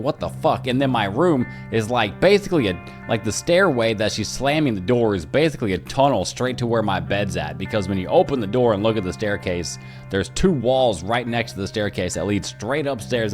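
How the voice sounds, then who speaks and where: Low-voiced man telling his story, swearing freely. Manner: profane, animated retelling. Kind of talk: casual storytelling monologue.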